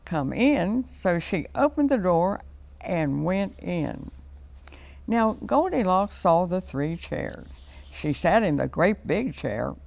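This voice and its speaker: A woman reads a children's storybook aloud in a slow, expressive, sing-song manner. Her voice is on the low side, with a strong gravelly fry, and swings widely in pitch. She is recorded in a TV studio.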